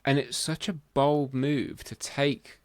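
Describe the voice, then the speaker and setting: A man hosting a podcast, chatting casually and giving measured, emphatic opinions. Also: mid-range voice, fairly even intonation, slight background noise. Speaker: podcast host. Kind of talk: casual conversation.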